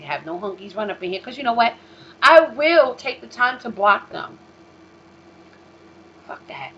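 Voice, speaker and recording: A woman hosting her own vlog, ranting in a profane, emphatic way, swinging from loud outbursts to low mutters. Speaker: vlog host. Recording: dull lo-fi recording with faint noise.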